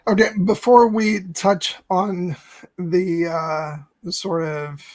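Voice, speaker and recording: A man hosting a casual movie chat with a slightly high voice, recorded close and dry. He talks with eager enthusiasm, tripping over restarts and dropping the odd swear word. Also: fairly even intonation, slow pace, a little mellow, no room sound. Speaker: podcast host. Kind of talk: casual film discussion.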